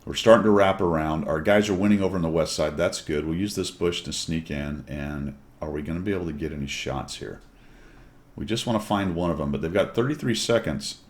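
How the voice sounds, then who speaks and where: A man's voice: low voice, fairly quick. A man commenting on his own tank gameplay in a chatty, wry way, with jokey asides to viewers.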